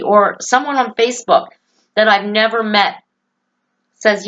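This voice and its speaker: A woman's voice: medium pitch, steady tone, slow, pauses often, a bit bright. Earnest woman vlogging, dull lo-fi sound. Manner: earnest, emotional, opinionated. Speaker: political vlogger. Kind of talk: personal talk to camera.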